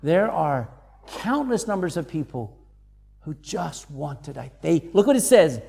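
Preacher, lively sermon, swooping pitch, acts out quoted voices, long hall reverb. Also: unhurried, creaky, slightly rough. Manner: animated, acts out quoted voices, reads verses aloud. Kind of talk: sermon teaching on scripture.

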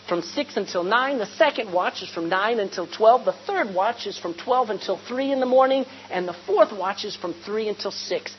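A woman preaching a sermon, retelling a scripture story with animated storytelling, asking the congregation questions and calling for amens. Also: a little high. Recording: dull lo-fi recording with faint hum.

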